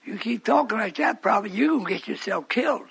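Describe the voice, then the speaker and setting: A man's voice: high voice, expressive, quick pace, creaky, a crowd in the background. An older man preaching a fervent, rambling radio sermon to his congregation in a church hall, breaking off into stories.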